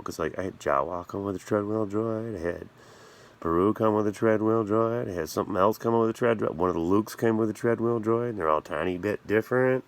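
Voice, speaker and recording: A man's voice: deep voice, vocal fry. A man hosting a casual vlog about his action figures, rambling and joking and often losing his train of thought. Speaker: channel host reviewing toy action figures.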